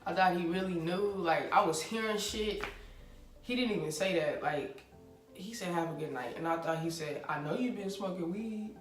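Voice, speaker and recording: A woman's voice: fairly low pitch, normal speed. Laughing young woman telling a profane story. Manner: animated, laughing, slangy and profane. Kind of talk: casual storytime chat. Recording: roomy sound from a distant mic with faint music.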